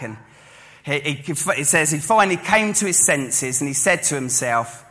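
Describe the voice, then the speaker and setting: A man preaching a sermon, telling a story lively and acting out the listeners' voices. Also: mid-range voice, moderate pace. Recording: long hall reverb.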